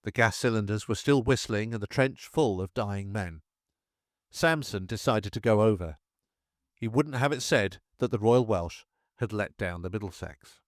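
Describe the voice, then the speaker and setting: A man narrating a First World War memoir in a measured, steady reading style. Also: lowish voice, no room sound, clean studio sound.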